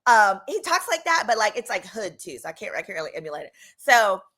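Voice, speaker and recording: A woman in her thirties from Texas telling a personal story in a casual, animated way, acting out the people she quotes. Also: medium pitch, fast. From Texas, United States. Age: 30s. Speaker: lawyer and channel host.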